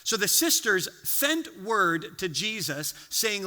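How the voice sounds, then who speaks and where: A male pastor preaching in a church with a high, very bright voice that rings out into the hall behind him. He tells stories with animated energy and acts out the people he quotes, and his voice trails off into long reverb. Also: takes it slowly. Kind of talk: sermon. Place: church sanctuary.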